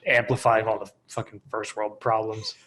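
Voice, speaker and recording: A man's voice: lowish voice, little pitch movement, moderate pace, fairly bright tone. Man, podcast host, short quips, cursing, faint background noise. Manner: curse-prone, short quips. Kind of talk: casual chat.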